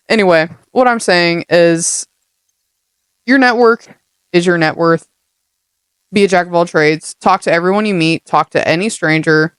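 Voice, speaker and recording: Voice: mid-range voice, a bit bright, smooth, no room sound, clean studio sound. A young adult podcast host giving a casual motivational monologue, blunt and heavily profane, full of streetwise slang.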